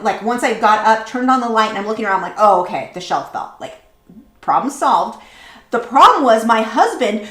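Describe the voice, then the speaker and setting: A woman in her thirties telling stories in casual chat while painting live, rambling with lots of fillers and restarts. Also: fairly high pitch. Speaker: artist hosting a live painting stream. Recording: echoey room.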